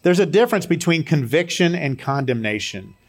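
A man's voice: on the high side, expressive, fairly quick. A man preaching a sermon in a conversational way, mixing scripture with personal stories and light humor. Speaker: pastor.

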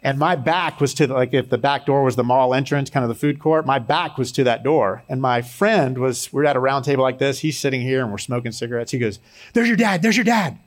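A man's voice: mid-range voice, fairly even intonation, fairly quick, few pauses. A man preaching a sermon in a conversational way, mixing scripture with personal stories and light humor. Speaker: pastor.

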